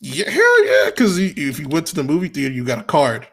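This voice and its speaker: A young man co-hosting a casual chat, relaxed and easygoing. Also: a little high, fairly quick, breathy edge. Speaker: podcast co-host.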